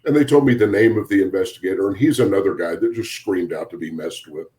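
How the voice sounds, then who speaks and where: Male deputy guest, low voice, amused storyteller voicing dialogue. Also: fast talker, mellow. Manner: amused, chuckles through his story, quotes people in dialogue. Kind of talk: casual podcast storytelling.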